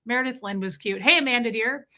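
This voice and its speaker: A woman hosts a casual livestream, reading out viewer names and drifting into rambling stories. Her voice is bright and forward and sits a little high. It jumps up for greetings and sinks low and quiet for side comments. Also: quick pace. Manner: chatty, warm toward viewers, rambling asides. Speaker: livestream host.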